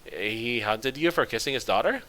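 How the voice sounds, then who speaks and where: A man's voice: mid-range voice, expressive, moderate pace, fairly bright tone, close to an everyday voice. A man reading a curious adventurer hero. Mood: questioning. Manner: plain, questioning.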